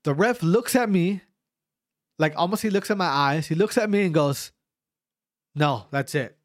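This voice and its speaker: A man's voice: high voice, normal speed, dry recording, clean studio sound. A man casually recounting his own fight, stammering and restarting often, swearing freely and acting out what others said. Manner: animated, frequent restarts and stammers, acts out quotes. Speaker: amateur fighter recounting a bout. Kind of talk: casual storytelling.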